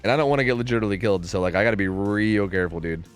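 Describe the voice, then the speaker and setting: A man's voice: lowish voice, very fast, clear, resonant tone, soft background music. A young man streaming, chatting casually with viewers in a rambling, profane, sarcastic way.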